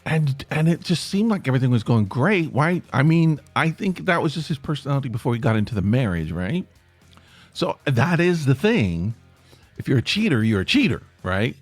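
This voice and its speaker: This podcast host, speaking alone from his home near Atlanta, has a medium-pitched, sing-song voice at a normal speed. The recording has no room sound, with faint music in the background. His style is loose and chatty, full of self-interruptions and restarted sentences.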